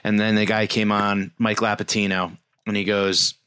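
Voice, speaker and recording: A man in his forties co-hosts a podcast in easy, rambling chat, his voice low-pitched and smooth. The sound is dry and close. He wanders through stories with fillers and restarts. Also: little pitch movement, moderate pace, bright, forceful tone, no room sound. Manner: rambling storyteller, frequent fillers. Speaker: podcast co-host. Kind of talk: casual chat.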